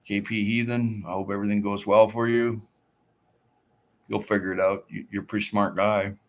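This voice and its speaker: A man's voice: fairly low pitch, level tone, normal speed. A man hosting a casual livestream, reading out viewer comments and chatting back in an easygoing way. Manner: chatty, reads out viewer comments and answers them.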